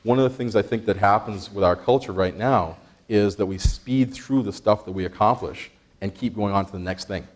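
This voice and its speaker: A man presenting an interactive workshop, energetic, quizzing the audience and laughing often. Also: on the low side, normal speed. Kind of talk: interactive stress-management workshop.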